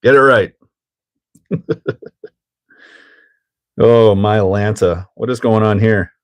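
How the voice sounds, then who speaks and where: A man with a somewhat low voice talks casually through a live build stream. He jokes, laughs often and answers his viewers as he works. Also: slow. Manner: jokey, laughs often, reads and answers chat. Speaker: host of a hobby livestream.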